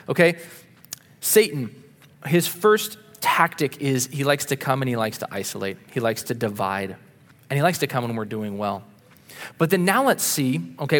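A man preaching a sermon, earnest and insistent, moving between punchy emphasis and quiet asides. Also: on the high side, long reverb tail. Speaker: pastor.

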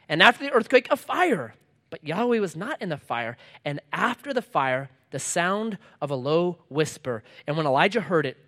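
A man preaching a sermon, reading scripture and acting out the lines with animated swings from loud emphasis to quiet intensity. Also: high voice. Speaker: pastor.

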